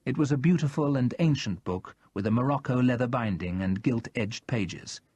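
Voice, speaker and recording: A man narrating a novel in the first person, in a measured and expressive manner. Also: medium pitch, slightly rough, dry recording. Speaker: audiobook narrator.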